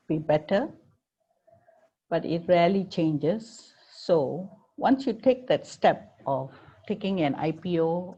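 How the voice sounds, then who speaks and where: A woman, a family lawyer giving advice in a firm, measured way. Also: lowish voice, dark tone, slightly rough, lo-fi sound.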